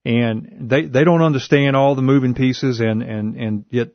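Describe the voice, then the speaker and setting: A man, a guest on a talk radio show, explaining state budget policy in a measured way. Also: mid-range voice, fairly even intonation, no room sound. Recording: dry lo-fi radio broadcast.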